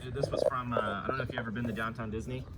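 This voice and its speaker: A man's voice: mid-range voice, steady tone, racing. A man selling his old shirts and toys at a garage sale, chatting in a rambling, easygoing way. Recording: loud background noise outdoors.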